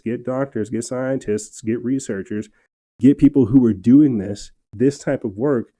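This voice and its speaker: A man's voice: mid-range voice, dark tone. A man hosting a political commentary podcast, reading news articles aloud and getting fired up, with frequent stammered restarts. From New Mexico, USA. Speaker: podcast host.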